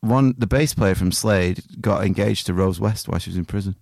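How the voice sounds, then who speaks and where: Gravelly-voiced man telling a sweary story. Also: deep voice, brisk, darkish tone, no echo, studio quality. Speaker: podcast co-host. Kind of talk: casual comedy podcast chat.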